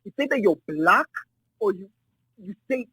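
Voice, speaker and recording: Debater: man, emphatic and lecturing, husky high voice. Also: expressive, normal speed, sharp tone, no echo, rough recording. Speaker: debate participant. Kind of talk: heated spoken debate.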